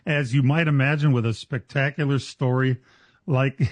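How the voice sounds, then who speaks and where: A man hosting a racing talk radio show, chatting casually and excitedly with frequent laughs and restarts. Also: mid-range voice, normal speed.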